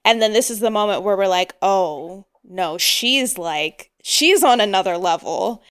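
A woman's voice: mid-range voice, normal speed, clear, resonant tone. A woman co-hosting a podcast, chatting casually and animatedly about a film, acting out characters' lines. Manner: animated, acts out quotes, laughs. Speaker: podcast co-host.

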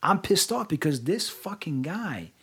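A man's voice: fairly high pitch, unhurried, slightly rough. A man co-hosting a casual talk show, telling a bartending story with lots of swearing and acted-out dialogue. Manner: animated, profane storyteller acting out dialogue. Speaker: podcast co-host.

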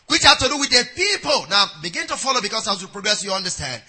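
A man preaching a sermon who reads scripture aloud in a measured cadence and often checks in with his congregation, with quick prayerful asides. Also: high-pitched, big pitch swings, pushed and bright, slightly rough, poor audio.

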